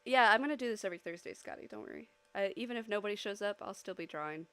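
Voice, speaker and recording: Bright, lively woman chatting while streaming. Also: mid-range voice, very fast, smooth, no room sound. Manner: chatty, giggly, bursts into loud excited squeals. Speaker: streamer drawing live. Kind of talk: casual chat with a live stream audience.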